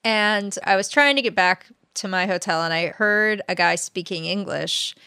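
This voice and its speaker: American woman cohosting, middle pitch, playful, laughs easy, dry close mic. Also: normal speed, sharp tone, smooth, no echo. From United States. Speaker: podcast co-host. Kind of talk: casual chat.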